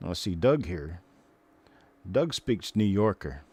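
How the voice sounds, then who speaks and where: Low, mellow-voiced older man. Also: sing-song, takes it slowly, husky. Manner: rambling, chatty, greets and answers viewers. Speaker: live stream host. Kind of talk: casual live stream chat.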